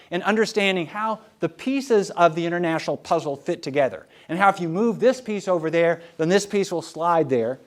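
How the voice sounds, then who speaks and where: A male historian giving a public lecture before an audience, conversational and wry as he tells anecdotes. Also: high-pitched. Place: talk before a live audience.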